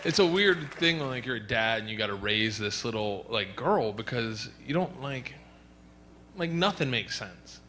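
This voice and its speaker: A man's voice: medium pitch, animated, normal speed, pushed and bright, slight background noise. A man performing a stand-up comedy set on a club stage, telling stories and acting out other people's voices.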